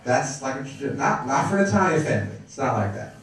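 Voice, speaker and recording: Heard from a distance in an echoey club, a middle-aged comic from Brooklyn, New York delivers wisecracking stand-up and brashly works the crowd on stage. His medium-pitched voice has a sing-song lilt, and he talks fast.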